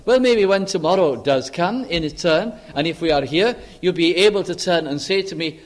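A man preaching a sermon earnestly, repeating phrases for emphasis and pausing with frequent fillers. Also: high-pitched, animated.

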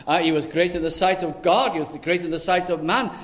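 A preacher voicing a grieving disciple. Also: male voice, high voice, brisk, fairly bright tone. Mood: sad, disappointed. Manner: earnest, mournful retelling in first person. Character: grieving male disciple, sad and disappointed.

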